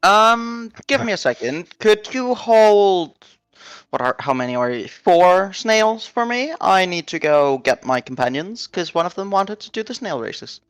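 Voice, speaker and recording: A player in a tabletop game, talking slowly and partly in character. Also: medium pitch, animated, a bit bright, smooth, no echo. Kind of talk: casual tabletop play, speaking in character.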